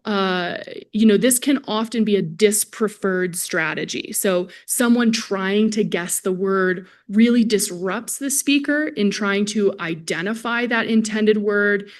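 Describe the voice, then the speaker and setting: A woman's voice: medium pitch, unhurried. A woman speech-language pathologist giving a conversational conference lecture to a live audience, talking to them directly. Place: lecture hall at a symposium.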